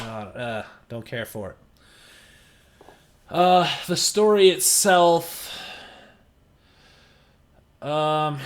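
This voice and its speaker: A man with a fairly high voice talks through a film review in a casual vlog. He speaks slowly and haltingly, breaking off mid-thought. His tone is blunt and exasperated.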